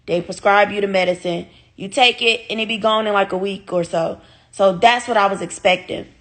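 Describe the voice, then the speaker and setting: A woman's voice: mid-range voice, fairly quick, a bit bright. A woman vlogger from the United States tells a personal story to camera in a loose, casual way. She talks straight to her viewers, leans hard on her words and swears freely.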